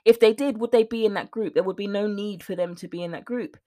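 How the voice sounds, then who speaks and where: Woman, podcast coach, earnest and emphatic, mid-pitched voice. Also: fast, warm tone. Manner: earnest, emphatic, at times emotional. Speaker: weight loss mindset coach, podcast host. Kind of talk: motivational solo talk.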